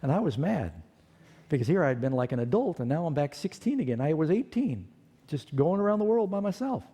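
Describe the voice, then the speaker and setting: A man preaching, telling his own life story in an animated way and acting out the voices of people in it. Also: fairly high pitch, a little fast, husky, big-room sound. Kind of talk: storytelling sermon testimony.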